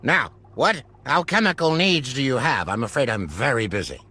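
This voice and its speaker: A man's voice: mid-range voice, animated, normal speed, sharp tone. An actor playing a vain, haughty male alchemist who runs a shop in a game, with dismissive, theatrical outbursts. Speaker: alchemist shopkeeper. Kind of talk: video game voice acting.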